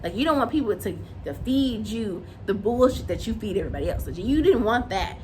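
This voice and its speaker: A woman giving an animated, opinionated recap of a reality show and acting out what the cast said. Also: medium pitch, a little fast, a little hiss or hum. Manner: animated, opinionated, acts out quotes. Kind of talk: casual recap and commentary.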